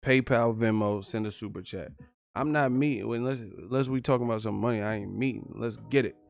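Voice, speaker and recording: A man hosting a live stream, giving casual, profane fight commentary, animated and quick to laugh. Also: medium pitch, vocal fry. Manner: animated, profane, laughing, breaks into yelled impressions.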